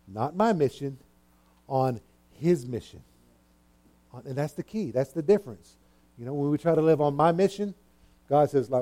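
Earnest preaching man, mellow voice. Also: medium pitch, moderate pace, pauses often. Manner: earnest, emphatic preaching with repetitions. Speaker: pastor. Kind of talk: sermon.

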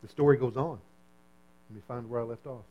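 A man preaching a sermon in a conversational, animated way, repeating phrases, checking in with his listeners and acting out the voices in the story. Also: medium pitch, fairly quick, dull audio. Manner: animated, repetitive, acts out voices. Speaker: pastor.

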